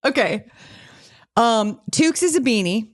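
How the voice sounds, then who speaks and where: Playful woman with a lively voice. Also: on the high side, a little slow. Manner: playful, animated, laughs often. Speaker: podcast co-host. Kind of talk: casual chat.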